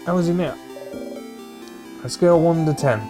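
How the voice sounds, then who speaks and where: A man voicing a cheerful, gentle young woman friend in a video game, eager and then shy and apologetic, with game music behind. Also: on the high side, moderate pace, pitched above the performer's own voice, natural voice.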